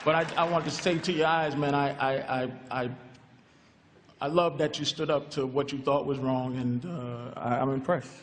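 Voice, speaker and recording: A man's voice: mid-range voice, steady tone, moderate pace, slight background noise. A man giving a profane, stammering roast speech. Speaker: comedian at a roast. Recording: crowd in a reverberant hall.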